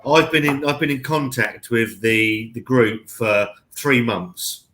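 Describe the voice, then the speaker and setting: A man's voice: medium pitch, takes it slowly, a bit bright. A man, telling a long, sweary, rambling anecdote on a casual live chat. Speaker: co-host.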